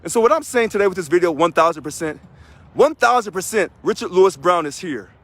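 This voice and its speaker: This Missouri man, a union president, speaks high and fast in an energetic video address to members. He hammers home key phrases by repeating them emphatically.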